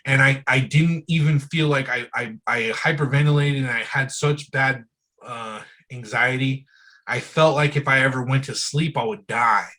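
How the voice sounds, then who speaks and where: Husky-voiced man talking frankly, calling you bro. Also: medium pitch, moderate pace, pushed and bright, poor audio. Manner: loose and frank, often says "bro" and "dude". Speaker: interview guest. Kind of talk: casual candid conversation.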